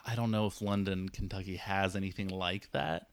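A man's voice: deep voice, steady tone, moderate pace, a bit bright. A man co-hosting a comedy podcast, bantering in a breezy, mock-earnest way. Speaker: podcast co-host and producer.

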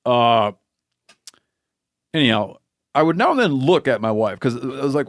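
A man's voice: mid-range voice, lively intonation, normal speed, long pauses, dry recording. A man hosting a podcast, telling a rambling, playful story in casual chat. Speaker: podcast host.

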